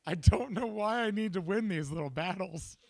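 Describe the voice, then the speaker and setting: A young man hosting a podcast, talking in a casual, profane, animated and self-mocking monologue. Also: high-pitched, normal speed, vocal fry. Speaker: podcast host.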